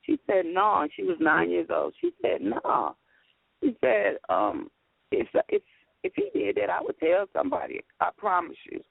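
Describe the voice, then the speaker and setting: A woman calling in to a talk radio show, telling a painful personal story in a halting, repetitive way. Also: fairly low pitch, huge pitch swings, gravelly, no echo. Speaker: caller. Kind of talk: emotional call-in testimony. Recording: phone line.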